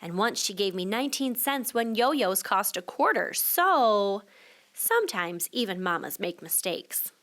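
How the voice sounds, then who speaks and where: A woman teacher reading a children's picture book aloud to young listeners, expressive and switching voices for the child and the mother. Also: mid-range voice, measured pace. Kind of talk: children's storybook read-aloud.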